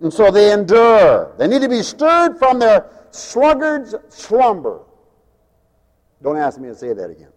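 A man preaching a sermon, mocking and animated, swinging from loud to hushed. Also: sits high, a little slow. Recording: long hall reverb.

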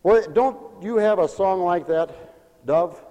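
A male preacher giving a sermon, moving from quiet asides to fervent, drawn-out shouted proclamations. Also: high voice, highs cut off. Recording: long reverb of a large hall.

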